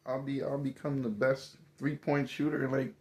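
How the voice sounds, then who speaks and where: A man rants in a casual, exasperated way about what bothers him. He keeps firing emphatic rhetorical questions. His voice sits at an ordinary middle pitch. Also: flat delivery, moderate pace. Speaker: commentator. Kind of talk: casual opinion rant.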